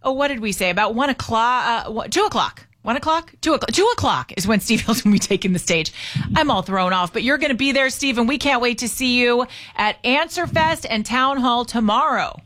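A woman's voice: fairly high pitch, lively intonation, a little fast, fairly bright tone. A woman hosting a talk radio show on a studio microphone, chatty, upbeat and opinionated.

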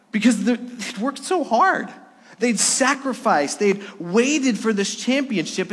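A middle-aged male pastor preaching a Sunday sermon in a church, earnest, moving between loud emphasis and hushed, soft lines. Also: high-pitched. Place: church sanctuary during a Sunday service. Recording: echoey sanctuary reverb.

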